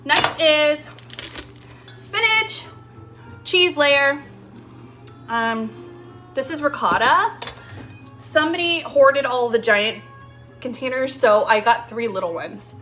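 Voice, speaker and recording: A woman's voice: high voice, expressive, slow pace, pauses often, bright, forceful tone, faint music behind. A young woman hosting a casual cooking demo in her home kitchen, chatting loosely with lots of fillers as she works. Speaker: home cooking show host.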